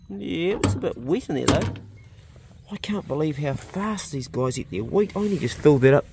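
A man's voice: fairly high pitch, lively intonation, moderate pace, vocal fry, a little mellow, a little hiss or hum. A man chatting casually as he walks around his rural property, filming on his phone and talking to his animals. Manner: easygoing, rambling commentary with pet talk. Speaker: homestead vlogger. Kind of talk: casual filmed walk-and-talk. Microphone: phone held while walking.

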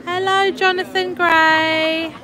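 Bright-voiced woman greeting viewers. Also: very high-pitched, flat delivery, slow. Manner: greets viewers by name, laughs and teases. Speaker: livestream host. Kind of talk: casual livestream chat. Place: outdoors at a theme park. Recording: outdoor phone stream with crowd noise.

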